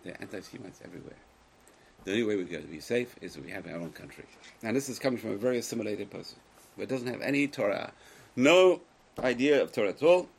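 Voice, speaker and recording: A man giving a Torah lecture to a live class, speaking emphatically, swinging between loud exclamations and quiet asides, and putting questions to his listeners. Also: on the low side, expressive, fast, gravelly, breathy edge, low-quality recording. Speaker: Torah teacher.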